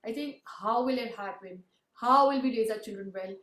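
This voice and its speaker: A woman's voice: fairly high pitch, moderate pace, fairly bright tone. A woman hosting an interview, talking in an earnest, reflective way and rambling with many fillers. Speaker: interview host. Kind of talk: casual conversational interview. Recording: roomy sound with faint background noise.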